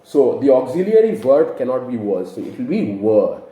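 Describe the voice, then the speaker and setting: A man's voice: mid-range voice, sing-song, moderate pace, mellow, reverberant, low-quality recording. A man teaching grammar to camera, explaining patiently and asking rhetorical questions. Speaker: English teacher.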